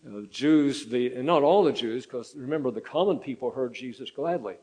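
An older man preaching a sermon in a folksy, halting way, with many fillers and restarts. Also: medium pitch, darkish tone, rough recording. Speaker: pastor.

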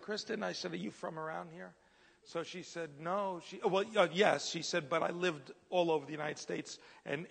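High, gravelly preacher man in a reverberant hall. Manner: animated storyteller, drops to a hushed whisper for God's words. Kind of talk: storytelling sermon.

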